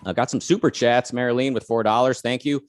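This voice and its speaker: A man's voice: mid-range voice, fairly even intonation, brisk. An American man co-hosting a talk show, chatting casually with many fillers and restarts and reading out viewer comments. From United States. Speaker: podcast co-host.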